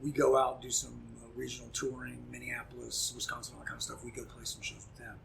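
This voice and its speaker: A middle-aged man, a punk musician guest, telling a story in casual chat, animated and profane, acting out quoted dialogue. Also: medium pitch, fast talker, gravelly, crowd noise.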